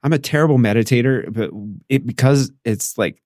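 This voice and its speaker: A man co-hosts an easygoing faith conversation in an even, mid-range voice. He is thoughtful, pausing and restarting as he searches for words. The sound is dry and close-miked. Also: mid-range voice, no room sound. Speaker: podcast co-host.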